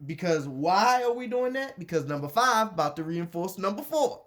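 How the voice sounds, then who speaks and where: Man, casual commentary, slightly high voice, rambling, repeats himself, restarts sentences. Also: lively intonation, normal speed, a bit bright. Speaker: commentator reading a letter aloud. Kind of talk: casual chat.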